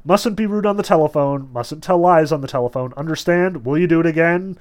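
A man's voice: on the high side, fairly quick, a little mellow, voice pushed up, lightly acted. A man reading as a polite, menacing henchman.

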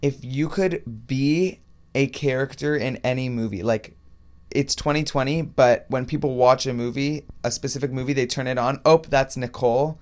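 A man's voice: mid-range voice, moderate pace. A man from Israel co-hosting a podcast, chatting casually with lots of "like" and "you know". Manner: relaxed, chatty, many fillers like "like" and "you know". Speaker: podcast co-host.

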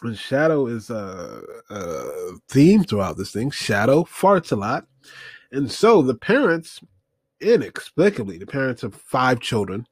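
A man's voice: medium pitch, very animated, a little slow, breathy edge, no room sound. A man rambling through a casual movie review, hesitant and full of fillers as he looks things up while talking.

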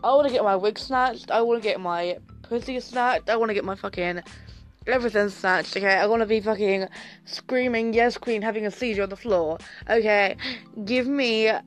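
A woman's voice: medium pitch, normal speed. A young woman hosting a casual podcast chat, sassy and theatrical, swearing a lot as she talks to her viewers. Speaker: podcast host. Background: faint music.

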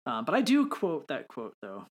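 A man co-hosting a podcast in casual chat, eager and quick to agree. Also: mid-range voice, huge pitch swings. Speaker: podcast co-host.

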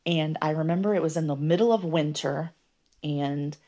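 A woman hosting a podcast, telling a personal story in a hesitant way with many pauses and ums. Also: low voice, dark tone, highs cut off, a little hiss or hum. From American Midwest. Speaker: podcast host.

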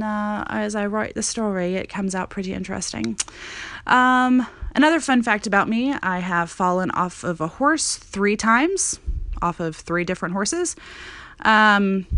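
A woman in her thirties from Montana, USA, hosts a casual personal podcast, chatting through a monologue full of "um" fillers. Her mid-range voice sounds pushed and bright, with no room sound in the recording.

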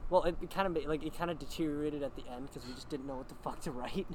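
A man co-hosting a podcast, chatting casually and excitably, joking and swearing freely. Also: fairly high pitch, fast talker, slight background noise. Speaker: podcast co-host. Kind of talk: casual chat.

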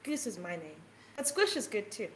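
A woman's voice: mid-range voice, big pitch swings, normal speed, a bit bright, a little hiss or hum. A woman playing a tabletop role-play game, playful and eager. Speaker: player. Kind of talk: casual role-play chat.

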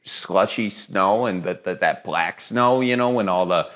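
A man's voice: deep voice, unhurried, fairly bright tone. Dry-joking man hosting a podcast. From Midwest, USA. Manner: dry teasing humor, mock-wounded. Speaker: podcast host. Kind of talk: joking casual chat.

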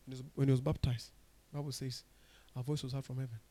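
A pastor with a Kenyan accent preaches a sermon, talking fast with little pitch movement. He poses questions to the congregation and swings between soft, low passages and loud, rising exhortation.

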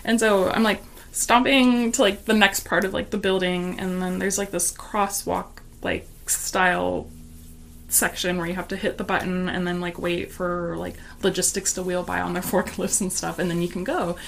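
A woman's voice: fairly low pitch, little pitch movement, normal speed, gravelly, a little hiss or hum. A woman telling a story in casual chat, talking loosely with lots of fillers and laughing as she goes.

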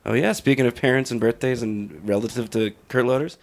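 A man's voice: mid-range voice, fairly quick, creaky. A man co-hosting a casual comedy podcast, teasing his friend with dry wisecracks. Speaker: podcast co-host.

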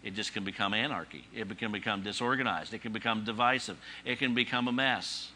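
A man's voice: on the low side, fairly quick, bright, forceful tone, slight background noise. A man preaching a sermon in a conversational teaching manner, using rhetorical questions, dry humor and emphatic repetition. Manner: emphatic repetition, rising on key phrases. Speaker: pastor.

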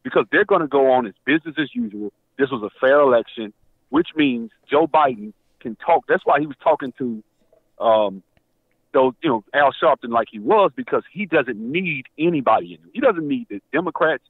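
Male caller, phone-line audio, worked up and stammering, lively pitch. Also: normal speed, gravelly, husky, dry recording. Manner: agitated, stammering, repeats himself. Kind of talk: call-in show conversation. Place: Atlanta area.

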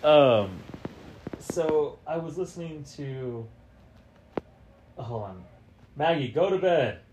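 A young man co-hosting a casual podcast with his partner, answering in dry, flat refusals and wry jokes. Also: a little high, slow, background noise. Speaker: podcast co-host. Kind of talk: casual couple's podcast chat.

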